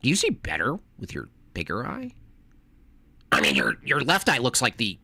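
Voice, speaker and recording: A man streaming casually, reacting to a video with sarcastic, mocking commentary that swings between loud jabs and mumbled asides. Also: medium pitch, wildly swooping pitch, moderate pace, gravelly, husky, no echo.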